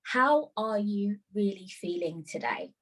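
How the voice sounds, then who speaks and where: A woman hosts a relaxed podcast chat in a mid-pitched voice. She talks in a lively, chatty way and pokes fun at herself as she tells her stories. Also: unhurried, low-quality recording. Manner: animated, chatty storyteller, self-mocking. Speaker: podcast host. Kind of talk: casual chat.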